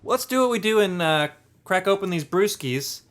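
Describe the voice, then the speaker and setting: A man's voice: sits high, expressive, moderate pace, fairly bright tone. A young man co-hosting a casual podcast, playful, with repeated words and wordplay. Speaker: podcast co-host. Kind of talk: casual chat.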